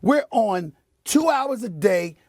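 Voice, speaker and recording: A middle-aged man hosting a sports debate show, making his point with forceful, preachy repetition in a TV studio. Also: sits high, animated, takes it slowly, no echo. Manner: emphatic and preachy, repeats phrases for effect. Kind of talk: heated on-air sports commentary.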